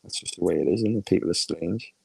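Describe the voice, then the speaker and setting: A man's voice: deep voice, quick pace, vocal fry, warm tone, husky, no room sound, low-quality recording. A man with a Liverpool accent hosting a livestream, ranting crudely and mockingly, laughing often. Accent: Liverpool (Scouse). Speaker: livestream host.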